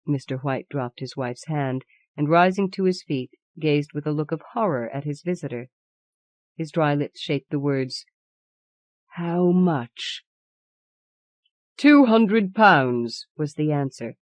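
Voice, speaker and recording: Female audiobook narrator, low, measured, dry close recording. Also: no echo. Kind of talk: scripted narration of a horror tale.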